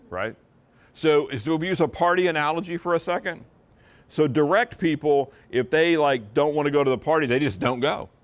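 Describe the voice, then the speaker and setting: With a fairly high, fairly quick voice, a man gives a live talk to real estate agents. His delivery is emphatic and conversational, leaning on intonation for emphasis.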